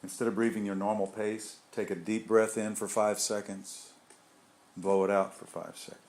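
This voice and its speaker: A man with a somewhat low voice leads a small group through an informal spiritual talk. He rambles in a loose, conversational way, doubling back and adding asides as he goes. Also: little pitch movement, moderate pace, a little mellow. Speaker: group leader.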